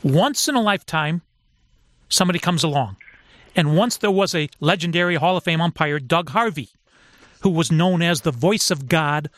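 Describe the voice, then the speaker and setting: Measured male radio talk host. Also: a little high, fairly bright tone, no room sound. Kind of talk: scripted radio interview hosting.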